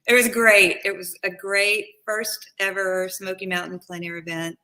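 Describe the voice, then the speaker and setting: Upbeat lady painter guest, bright sharp voice, laughs a lot, says like constantly. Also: medium pitch, steady tone, slow. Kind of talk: casual art talk.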